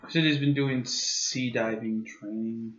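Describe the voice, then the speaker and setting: A man's voice: mid-range voice, steady tone, a little slow, a bit bright. A young man, a podcast guest who jokes and trades puns in casual chat. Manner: joking, pun-loving, giggly. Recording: echoey room, dull lo-fi audio.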